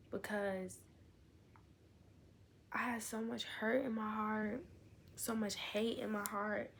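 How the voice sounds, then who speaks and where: A woman's voice: mid-range voice, gravelly, slight background noise. A young woman vlogging in casual, candid chat, rambling on with asides and fillers.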